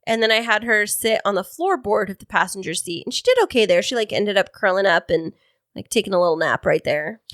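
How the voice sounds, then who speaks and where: A woman co-hosting a podcast in casual chat, talkative and quick to laugh. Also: medium pitch, lively intonation, a bit bright, no room sound, clean studio sound. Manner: chatty, laughs easily. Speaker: podcast co-host.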